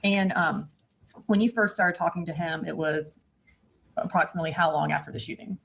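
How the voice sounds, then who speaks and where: A woman prosecutor examining a witness in court, asking measured, leading questions and often saying "okay". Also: deep voice, steady tone, vocal fry, a bit bright.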